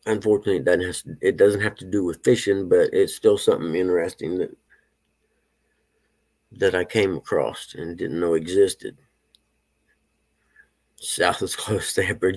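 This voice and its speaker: A man's voice: sits low, fairly even intonation, moderate pace, long pauses, a little mellow. A man in his fifties hosting a casual morning live stream, chatting with viewers in a laid-back way and chuckling often. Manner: laid-back, chuckling, reads chat aloud.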